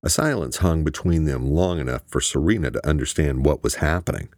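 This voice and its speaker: A man narrating an audiobook in an expressive, crude, scripted style. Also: rumbling low, a little fast, few pauses, no echo, studio quality.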